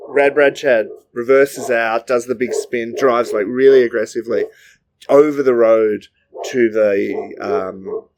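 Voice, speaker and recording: A man co-hosting a podcast, improvising a comic story in a rambling, jokey way. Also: medium pitch. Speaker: podcast co-host.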